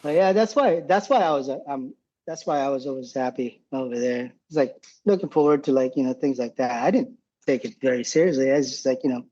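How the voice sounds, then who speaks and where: On lo-fi audio, a man in his forties with a medium-pitched, brisk, mellow voice appears as a podcast guest. A former combat medic, he tells war stories casually, rambling, swearing, and laughing a lot.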